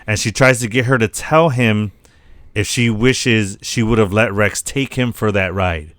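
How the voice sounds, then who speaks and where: A man co-hosting a podcast, retelling a TV episode in a casual, animated way and acting out the characters' lines with plenty of swearing. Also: fairly low pitch, a little slow, no room sound. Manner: animated retelling, acts out quotes, swears a lot. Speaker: podcast co-host. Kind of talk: casual chat recapping a TV episode.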